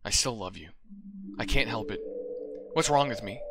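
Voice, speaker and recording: A man's voice: fairly low pitch, moderate pace, background noise, natural voice. Monika, a clingy schoolgirl, as a man reads her. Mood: remorseful. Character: lovesick teenage girl, clingy club president. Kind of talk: reading game dialogue aloud. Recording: loud music behind.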